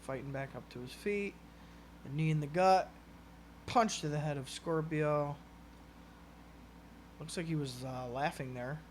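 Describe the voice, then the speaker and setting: A man's voice: a little high, measured pace, long pauses, a little hiss or hum. A man co-hosting a podcast, chatting casually and joking while calling the wrestling moves as he watches. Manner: laid-back, joking, calls moves as they happen. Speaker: podcast co-host. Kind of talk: casual watch-along chat with play-by-play.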